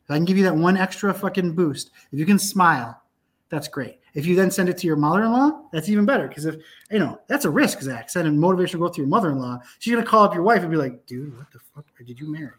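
A man with a slightly high voice talks as a filmmaker guest in a loose podcast chat. He tells stories emphatically and swears often. He doubles back and restarts his sentences as the words pour out. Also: animated, quick pace. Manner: profane, emphatic storytelling with frequent restarts. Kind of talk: animated casual podcast conversation.

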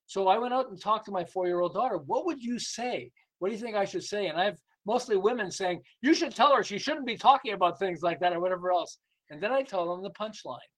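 An older man speaks as an interview guest, telling workplace and family stories with lots of energy. His voice sits high for a man, and he acts out the other people in his stories and laughs often. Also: low-quality recording. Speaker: guest, sales and behavior coach. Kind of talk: lively interview storytelling.

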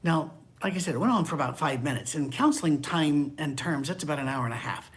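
An older man preaching a conversational sermon, candid and wry, dropping into hushed asides. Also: on the high side, lively intonation, fast. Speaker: pastor.

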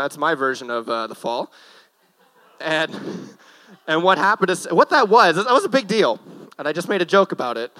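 A young man preaching on a church stage in a loose, conversational way, his voice sitting a little high for a man. He cracks jokes at his own expense and slips in nervous asides between points. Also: a bit bright, smooth, low-quality recording. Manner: joking, self-deprecating, nervous asides. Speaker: guest preacher. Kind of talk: casual sermon.

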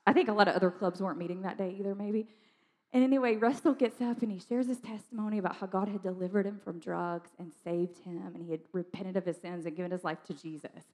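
A woman telling a lively testimony story in a chatty way, with lots of fillers and laughter. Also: mid-range voice, in a large hall. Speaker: ministry speaker sharing testimony.

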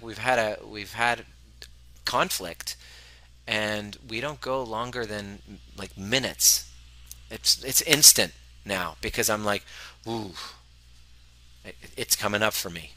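A man's voice: on the low side, sharp tone, rough recording. A man coaching a live audience, earnest and self-reflective, sometimes acting out the voices in his head.

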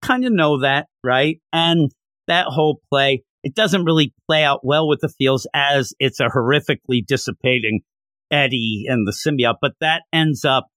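A young adult man casually recapping a comic, chatty and excitable, laughing often. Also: mid-range voice, moderate pace, no echo, studio quality. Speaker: comic book reviewer.

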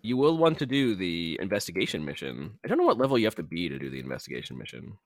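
A man's voice: low-pitched, wildly swooping pitch, fast, dry recording, studio quality. A man chatting casually while streaming an online game, joking around and explaining how the game works. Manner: playful, jokey, explains game mechanics. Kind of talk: casual gaming chat.

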